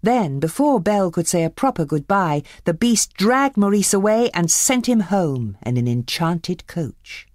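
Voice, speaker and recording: Animated low-voiced woman reading a storybook. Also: unhurried, few pauses, no echo, clean studio sound. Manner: expressive, animated. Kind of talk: storybook read-aloud. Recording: faint background music.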